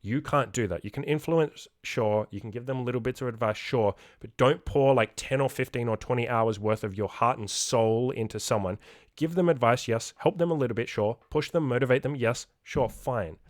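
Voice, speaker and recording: A young man talks straight into the mic as a no-nonsense coach, emphatic and freely swearing. His voice sits at an ordinary middle pitch. The sound is dry and close, with no room around it. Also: normal speed, no room sound. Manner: blunt, profane, emphatic. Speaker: self-improvement coach. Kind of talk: podcast monologue.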